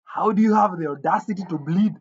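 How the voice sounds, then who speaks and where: A man's voice: sits high, brisk, slightly rough. A man doing a stern scolding mother. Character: strict angry mother scolding her child. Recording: dull lo-fi recording.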